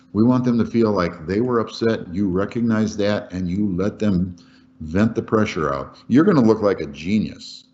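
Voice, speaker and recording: A man's voice: on the low side, a little mellow. A man teaching a webinar on workplace safety in a folksy, conversational way, repeating key points for emphasis. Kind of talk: webinar lecture. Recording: dull lo-fi webinar audio.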